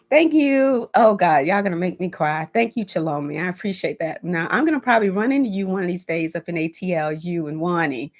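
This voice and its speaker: A woman in her fifties hosting a home decor channel, chatting casually on a livestream, emotional and encouraging, speaking of her faith and thanking viewers by name. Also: deep voice. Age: 50s. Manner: warm, emotional, reads viewer comments; faith-filled encouraging talk.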